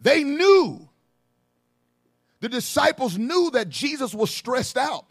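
A male pastor delivers a sermon in a strikingly high voice. The sound is dry and close, with no room around it. He drops to low murmurs and rises to loud calls, with plenty of ums between thoughts. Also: sing-song, takes it slowly, no echo.

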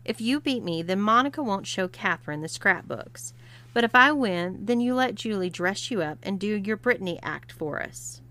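A woman's voice: mid-range voice, expressive, moderate pace, bright, forceful tone. A woman reading as a taunting, bossy young woman. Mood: challenging. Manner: taunting, domineering. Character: bossy confident young woman, arm-wrestling champ.

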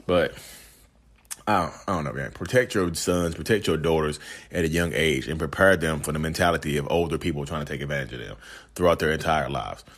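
Low-voiced man venting heatedly. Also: fairly quick, fairly bright tone. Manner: heated, exasperated, talks straight to viewers. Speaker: vlogger. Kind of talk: casual vlog monologue.

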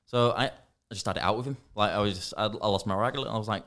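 A man's voice: on the low side, very fast, few pauses. A young man with a Yorkshire accent, telling a story in casual chat, swearing a lot and acting out what people said. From Northern England. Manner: sweary, animated storytelling, acts out quotes. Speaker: podcast co-host.

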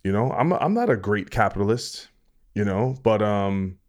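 A man's voice: fairly low pitch, animated, normal speed, darkish tone. A man hosting a podcast, talking in a rambling, joking way with lots of restarts. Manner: rambling, joking, self-interrupting. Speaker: podcast host. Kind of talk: casual solo chat.

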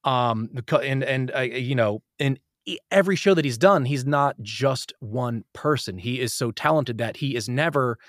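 A man's voice: mid-range voice, moderate pace, hardly any pauses, dry recording, clean studio sound. A man chatting casually about voice actors, rambling, with many restarts and fillers. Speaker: podcast guest. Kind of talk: casual chat.

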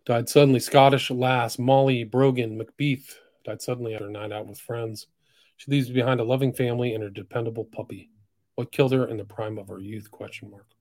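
A man of middle pitch hosts a solo podcast, reading posts aloud in a mostly flat delivery. He breaks into sudden loud, emphatic bursts. The sound is dry and close, with no room around it. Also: brisk, no room sound. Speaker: podcast host.

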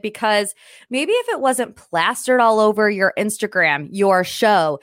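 A young adult woman hosting a podcast, giving casual, animated opinion commentary in an exasperated tone. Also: mid-range voice, measured pace, dry recording, studio quality. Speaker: podcast host.

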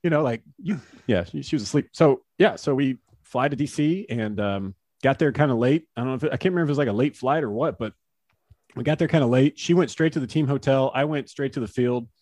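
A man's voice: mid-range voice, fast talker, dry recording. Laid-back man telling stories, dry sound. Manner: relaxed, laughs often, acts out quotes. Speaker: former baseball pitcher, guest. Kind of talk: casual interview storytelling.

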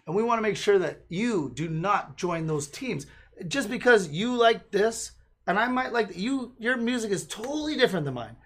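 A man hosting a podcast, rambling in an animated, jokey way in casual chat. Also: sits high, normal speed. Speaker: podcast host.

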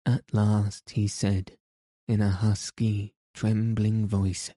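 A man reading a classic adventure tale aloud in a slow, measured, even storybook narration. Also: lowish voice, dry recording. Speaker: audiobook narrator.

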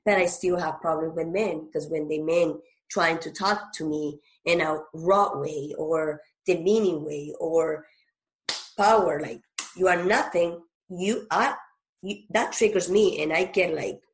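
Lowish woman podcast host, halting, repeats words, loose grammar. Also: poor audio. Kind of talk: personal conversation.

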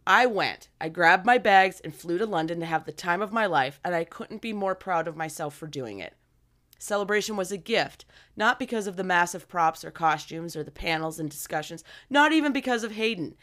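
A woman's voice: fairly low pitch, lively intonation, normal speed, a bit bright. A woman co-hosting a podcast, chatting casually and reading listener letters aloud with enthusiasm and frequent laughter. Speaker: podcast co-host.

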